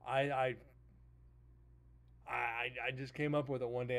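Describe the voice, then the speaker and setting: A man's voice: little pitch movement, a little slow, long pauses. A man hosting a paranormal live stream, chatting casually and rambling with his viewers. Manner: laid-back, rambling, talks straight to chat. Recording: loud vehicle rumble behind the voice.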